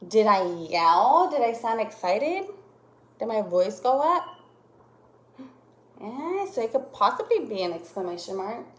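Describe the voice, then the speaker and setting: Slow-talking woman teacher in an echoey room. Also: medium pitch. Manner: slow, exaggerated voice changes to demonstrate punctuation. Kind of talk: classroom lesson for young children.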